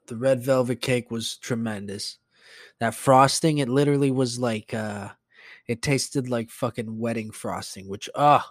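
A man's voice: mid-range voice, no room sound, studio quality. A man who is a teacher, hosting a podcast in rambling, profane casual chat. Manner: rambling and profane, many fillers. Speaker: podcast host.

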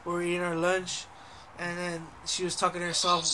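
A man's voice: high voice, monotone, a little fast, sharp tone, a little hiss or hum. A young man, co-hosting a podcast in casual, profane, joking chat and laughing often. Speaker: podcast co-host.

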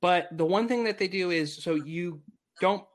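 A man's voice: high voice, normal speed. A man in his thirties co-hosting a casual gaming podcast, talking eagerly and rambling with restarts. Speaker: podcast co-host.

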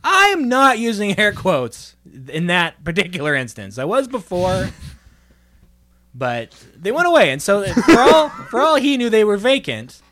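A man's voice: sits high, huge pitch swings, measured pace, a bit bright, exaggerated voice. A man playing a smarmy, awkward male gallery curator in an improvised comedy, rambling and flustered. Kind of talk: improvised comedy role-play.

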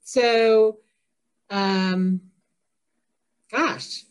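A woman's voice: mid-range voice, fairly even intonation, extremely slow, clean tone. Laughing, self-deprecating woman guest. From Indiana, USA. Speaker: author guest. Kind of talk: casual interview chat.

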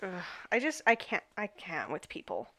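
A woman's voice: medium pitch, huge pitch swings, moderate pace, sharp tone, a little hiss or hum. Laid-back woman podcaster telling a story. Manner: casual, laughing, reads case notes with swearing. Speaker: podcast co-host.

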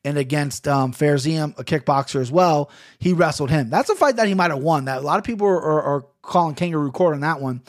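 Ohio-accented male podcast host, slightly high voice, rambling and profane. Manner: rambling, profane, quick to laugh. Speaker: podcast host picking fights. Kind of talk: casual betting chat.

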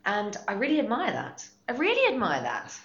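A woman's voice: a little high, huge pitch swings, a little fast, a bit bright. A woman voice actress in a podcast interview, talking enthusiastically and repeating her words. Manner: enthusiastic, effusive, repeats herself. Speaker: guest voice actress. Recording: echoey room, dull lo-fi sound.

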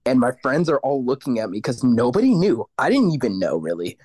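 A man's voice: medium pitch, sing-song, a little fast, darkish tone, slightly rough, dry recording. A man, a guest vocalist in a casual interview, telling stories animatedly, acting out the voices of others and swearing casually.

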